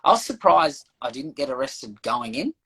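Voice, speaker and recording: Husky Australian man telling a story. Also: medium pitch, moderate pace, rough recording. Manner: animated anecdote-telling, acts out quoted voices. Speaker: guest. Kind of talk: casual storytelling chat.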